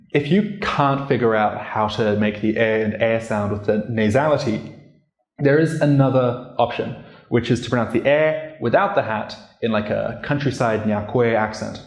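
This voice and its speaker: A medium-pitched male voice explains pronunciation casually, from the perspective of someone learning the language. The tone is easygoing and conversational, full of "like," and the recording sounds echoey and roomy.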